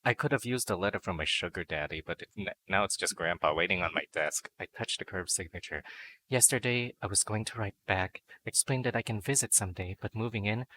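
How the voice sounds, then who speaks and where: A man reading a dating sim aloud on stream, breaking off into playful, crude jokes and silly noises. His voice sits a little low but has a bright, forward edge. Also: a little fast, slight background noise. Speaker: VTuber game streamer.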